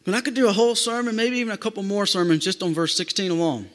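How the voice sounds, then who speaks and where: High-voiced preacher echoing through a hall. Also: male voice, steady tone, fast talker. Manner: emphatic, repeats phrases for stress. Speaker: pastor. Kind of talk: sermon. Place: church sanctuary. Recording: long hall reverb.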